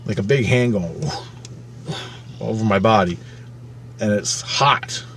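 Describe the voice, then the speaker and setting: A man casually telling a personal story, swearing freely and acting out his own panicked thoughts with sudden swings between loud and quiet. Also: fairly low pitch, measured pace, slight background noise. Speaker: channel host recounting a personal experience.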